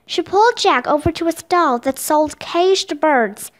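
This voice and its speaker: A woman reading a children's chapter book aloud, narrating clearly and expressively. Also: high voice, lively intonation, unhurried. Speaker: storybook reader.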